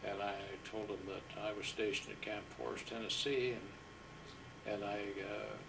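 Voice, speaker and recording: A man's voice: lowish voice, steady tone, gravelly, distant mic, noisy background. Older veteran man telling war stories. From Iowa, USA. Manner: unhurried, humble storyteller with fillers. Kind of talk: storytelling interview.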